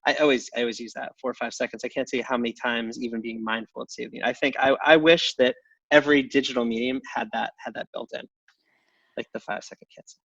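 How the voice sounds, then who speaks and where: A middle-aged man talking casually as an interview guest, halting, with lots of restarts and fillers. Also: medium pitch, steady tone, creaky, a bit bright, no echo, highs cut off. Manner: halting, many restarts and fillers, chuckles often. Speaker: guest, tech company CEO.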